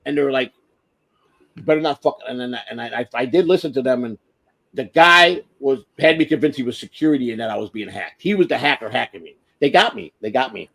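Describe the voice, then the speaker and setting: A man's voice: mid-range voice, quick pace, a bit bright. An older man in casual chat on a live stream, talking in an emotional, profane and self-deprecating way. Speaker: stream host.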